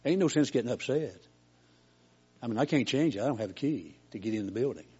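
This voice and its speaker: A man's voice: fairly low pitch, a little mellow, slightly rough, muffled recording. An older man preaching a sermon in a folksy, homespun storytelling way, as a preacher.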